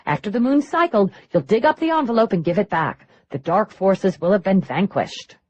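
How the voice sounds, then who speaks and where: Brash young ex-grifter read by a woman: high, bouncy, lively, quick. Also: natural voice. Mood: brash, upbeat. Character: bubbly young female ex-grifter performer, brash.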